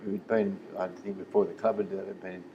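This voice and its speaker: An older Australian man in his seventies spins loose, rambling football yarns and puts on the voices of the people in them. His voice sits fairly low. A faint ambient hiss hangs under the recording. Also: level tone, fairly quick, mellow, muffled recording. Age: 70s. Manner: rambling yarn-teller who acts out quoted voices. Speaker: interview guest, former footballer. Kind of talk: casual storytelling interview.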